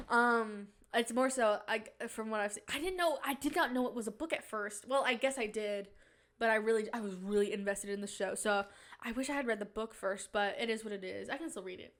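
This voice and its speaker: A woman's voice: on the high side, a little fast. A woman hosting a podcast in casual, rambling chat, giggly, with playful mock-indignant rants. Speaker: podcast host.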